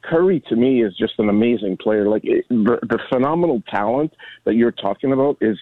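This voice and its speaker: A man's voice: mid-range voice, lively intonation, a little fast, no room sound. A man in his sixties calling into a sports radio show, rambling earnestly with many restarts. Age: 60s. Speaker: caller. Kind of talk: casual call-in chat. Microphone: phone. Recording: tinny phone line.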